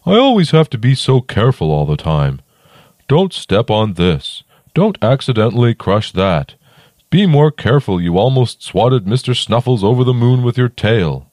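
A man's voice: mid-range voice, big pitch swings, moderate pace, a little mellow, dry recording, clean studio sound, voice pushed up, natural voice. A man doing a sulky young dragon. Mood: glum. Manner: earnest, whiny.

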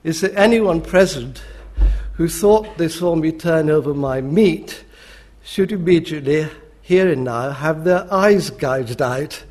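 A man's voice: on the high side, unhurried, darkish tone. A man voicing a cool courtly ambassador. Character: calm cunning male medieval ambassador.

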